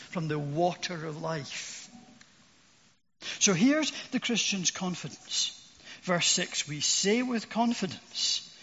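A man's voice: sits high, a bit bright, big-room sound, muffled recording. An older man preaching a sermon, earnest and asking his listeners questions.

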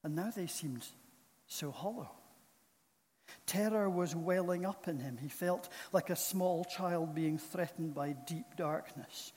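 A man preaching a sermon in a church, speaking in a slow, solemn and earnest way. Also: on the high side, darkish tone. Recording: long reverb of a large hall.

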